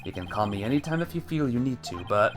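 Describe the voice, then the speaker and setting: A man's voice: mid-range voice, expressive, fast, over music, close to an everyday voice. A man doing a flustered, stammering young lawyer. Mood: anxious. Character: young male defense lawyer, nervous and earnest.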